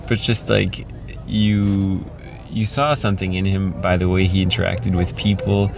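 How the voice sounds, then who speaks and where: A man's voice: low voice, moderate pace, gravelly, music in the background. A young man telling stories and explaining things casually in a documentary interview. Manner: casual, storytelling, lively quoting. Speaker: snow sculptor.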